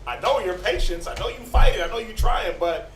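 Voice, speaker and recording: A man leads a casual Bible class with lively, fairly high-pitched delivery, slipping into the voices of people he describes. He is picked up from some distance in a reverberant room, with a faint murmur of ambience underneath. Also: brisk, a little hiss or hum. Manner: animated, acts out quoted everyday voices. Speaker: teacher. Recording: echoey room from far off.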